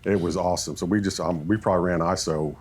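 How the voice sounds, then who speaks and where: A man who coaches football, telling animated stories in a podcast chat and acting out what people said. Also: low voice, fast talker, breathy edge. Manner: animated storyteller, acts out quoted talk.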